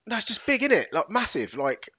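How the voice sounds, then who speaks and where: A man chats casually but hesitantly, filling his speech with "like" and "I don't know." His voice sits high and is sing-song, fairly quick, bright and forceful with a breathy edge, on a dull lo-fi recording.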